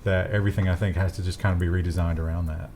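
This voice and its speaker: A man's voice: deep voice, level tone, very fast, darkish tone, slight background noise. A man hosting a casual tech news chat, with dry and wry asides.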